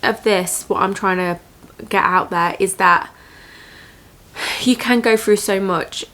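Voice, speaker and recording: A young woman talks straight to camera in a personal storytime vlog. She sounds earnest and reflective, pausing and restarting as she works through emotional memories. Her tone turns motivational and heartfelt. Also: medium pitch, steady tone, fairly bright tone. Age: 20s. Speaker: vlogger.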